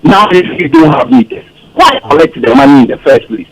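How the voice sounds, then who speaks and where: Fields: Sex: man. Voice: high, gravelly, lively. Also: a little fast, low-quality recording. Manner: insistent, repeats his complaint. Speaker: caller. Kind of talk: call-in complaint.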